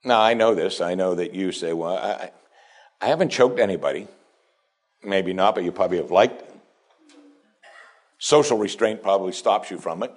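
A pastor preaching a sermon, dropping to quiet asides and then rising to strong, emphatic lines. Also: male voice, deep voice, moderate pace, pauses often. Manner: preaching with wide swings between hushed asides and raised, emphatic lines.

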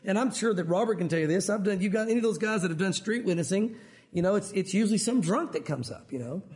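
Fast and high-pitched, a man offers a men's group a chatty Bible teaching full of animated stories. "You know" comes up again and again in his talk.

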